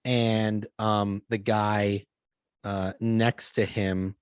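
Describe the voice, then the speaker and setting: A man's voice: on the low side, drawn-out words, clean tone, no room sound. A middle-aged man talks casually as a podcast guest on his own show, telling stories with energy. He jumps into quoted voices as he goes. His voice sits close and dry, with no room around it. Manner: animated storytelling, acts out quoted voices. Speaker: podcast host being interviewed. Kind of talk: casual conversation.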